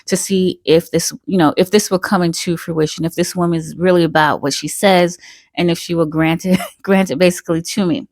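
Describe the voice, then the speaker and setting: A woman's voice: on the low side, steady tone, fairly quick, darkish tone, no echo. A woman voicing a selfish, famous male singer who talks in a casual, doubtful drawl. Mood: scoffing.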